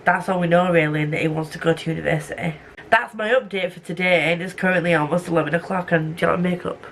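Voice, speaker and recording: Young woman, casual book vlogger, rambling and self-deprecating, middling pitch, camera mic with a touch of noise. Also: steady tone, fast talker. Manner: rambling, self-mocking, goes off on tangents. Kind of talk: casual vlog chat. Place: home room at night.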